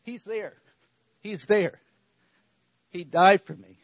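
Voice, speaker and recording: A man's voice: sits high, takes it slowly, no echo, dull audio. A man giving a conversational faith talk at church, repeating himself and checking in with the listeners. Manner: repetitive, checks in with "okay?". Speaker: church speaker.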